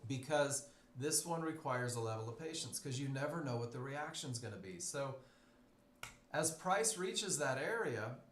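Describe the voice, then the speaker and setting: A man teaching a live trading webinar. He speaks with emphasis, repeats his key phrases and calls his class "guys". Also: fairly high pitch. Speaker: trading instructor. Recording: echoey room, faint noise.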